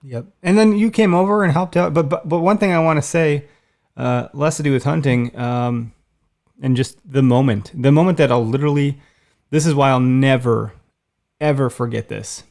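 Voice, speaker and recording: Co-hosting a laid-back hunting podcast, this man in his thirties tells lively stories and performs the voices of people in them. His mid-range voice is creaky, at a normal speed.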